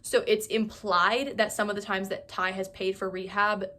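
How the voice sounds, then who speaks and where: A young woman hosting a casual, sarcastic TV recap, chatty and quick to mock the characters. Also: medium pitch, little pitch movement, sharp tone. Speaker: YouTube recap host. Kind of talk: casual comedic TV recap narration.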